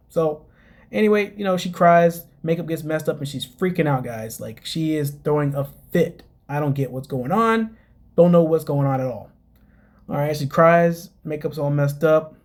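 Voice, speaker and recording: Recapping a reality show on his laid-back podcast, this host chats away, cracks himself up, and calls his audience "guys." His voice is fairly high in pitch with a darkish tone.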